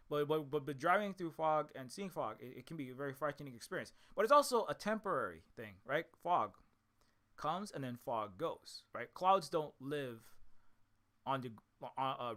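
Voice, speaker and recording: A man's voice: a little high, bright, forceful tone. A man from Hawaii giving a rambling solo commentary, repeating himself and checking in with "right?" after each point. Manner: repetitive, restarts often, ends points with "right?". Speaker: indie game developer talking to his audience.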